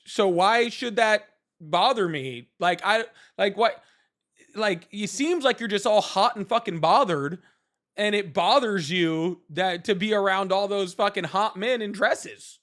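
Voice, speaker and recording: A man's voice: high-pitched, unhurried, a bit bright. A man hosting a live political chat stream, talking in a sarcastic, mocking, rambling way. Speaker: livestream host.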